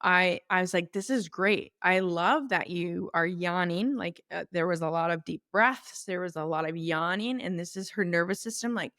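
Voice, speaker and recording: A woman's voice: fairly low pitch, fairly bright tone, no echo, studio quality. A woman hosting a solo podcast, explaining clinical ideas in an informal, teaching way.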